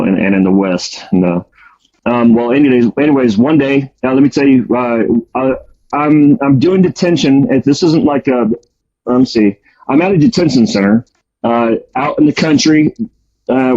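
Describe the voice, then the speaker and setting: As a guest storyteller, a man casually recounts a story about his past, rambling and full of fillers and restarts. His mellow voice is medium-pitched at normal speed, captured on dull lo-fi audio.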